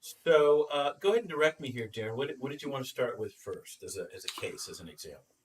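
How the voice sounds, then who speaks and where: A man hosting a real estate live stream, steering the talk with quick affirmations. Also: mid-range voice, lively intonation, recorded from a distance. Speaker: host. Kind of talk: live stream market discussion.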